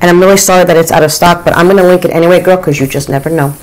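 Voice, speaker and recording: A woman in her forties or fifties chatting through a makeup routine, gushing with frequent excited oohs. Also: lowish voice, rapid-fire, slight background noise, rough recording. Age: 40s or 50s. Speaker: beauty vlogger. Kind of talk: casual makeup get-ready-with-me chat.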